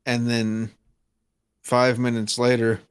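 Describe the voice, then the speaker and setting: A man's voice: medium pitch, monotone, slow, smooth, no room sound. A man co-hosting a casual livestream chat, rambling, interrupting himself and swearing casually. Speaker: co-host.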